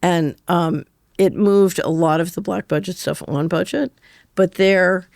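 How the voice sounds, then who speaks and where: A woman's voice: fairly low pitch, steady tone, unhurried, creaky, a little mellow, no echo, clean studio sound. An older woman, a guest on an interview show, telling anecdotes in a chatty way and laughing through her stories. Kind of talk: conversational storytelling interview.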